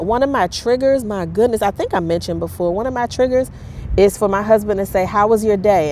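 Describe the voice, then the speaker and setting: Candid woman vlogging, halting and frank. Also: mid-range voice, darkish tone, a little hiss or hum. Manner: candid, halting, many fillers. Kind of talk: personal vlog monologue.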